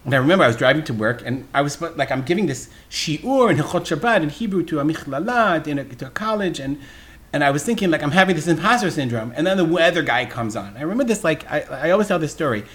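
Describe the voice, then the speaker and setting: A man hosting a casual podcast chat, telling stories in an animated way and laughing often. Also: on the high side, fast talker. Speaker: podcast host.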